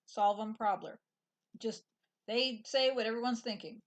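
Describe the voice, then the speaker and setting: A woman's voice: fairly high pitch, steady tone, unhurried. Dry-humored woman showing her stitching. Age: adult parent. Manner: dry, matter-of-fact, with restarts and fillers. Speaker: co-host of a stitching show. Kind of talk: casual chat showing stitching projects.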